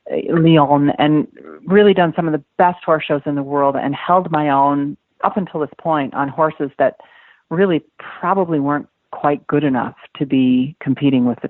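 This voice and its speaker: A woman's voice: sits low, no room sound. A woman in her fifties, a dressage rider guesting on a podcast, talking earnestly and emphatically and repeating words, heard over a phone-like line. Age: 50s. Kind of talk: podcast interview.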